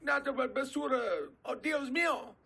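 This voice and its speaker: A man's voice: normal speed, creaky, pushed and bright, breathy edge, heavily acted. A terrified little man with a Mexican accent. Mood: panicked. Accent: Mexican Spanish accent. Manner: frightened high yelps, broken English and Spanish. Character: scared little man, timid and panicky.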